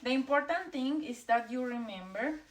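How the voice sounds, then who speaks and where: A woman's voice: high voice, lively intonation, moderate pace, a little hiss or hum. A young woman whose first language is Spanish, teaching a beginner language lesson and patiently drilling each vowel and word over and over.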